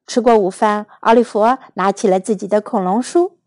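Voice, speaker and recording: A woman reading a children's picture book aloud slowly and clearly, in two languages. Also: medium pitch, no room sound. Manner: slow, clear, expressive reading. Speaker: storyteller. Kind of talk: bilingual storybook read-aloud for children.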